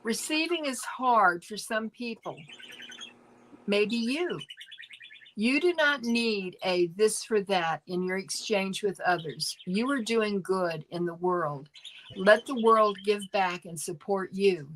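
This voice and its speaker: A woman co-hosting a tarot reading stream, reading cards aloud in a gentle, unhurried way with fillers. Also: mid-range voice, lively intonation, slight background noise, low-quality recording. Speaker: tarot reader co-host.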